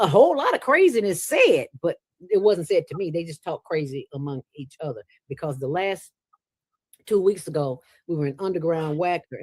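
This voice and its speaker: A woman's voice: deep voice, dry recording. A woman who founded a nonprofit, speaking as an interview guest and telling stories in a colloquial, emphatic way with lots of quoted dialogue. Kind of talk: casual storytelling interview.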